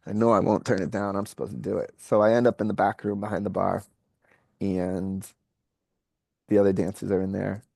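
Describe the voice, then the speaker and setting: Gravelly-voiced New York man telling a story. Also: lowish voice, a little fast, dry recording, clean studio sound. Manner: candid, animated storytelling with acted-out quotes. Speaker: podcast guest. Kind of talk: casual storytelling.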